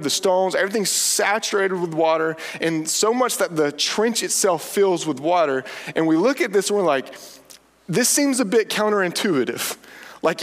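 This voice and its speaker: Animated preacher man in a reverberant hall. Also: a little high. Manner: animated storytelling, voices quotes playfully. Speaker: pastor. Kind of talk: sermon.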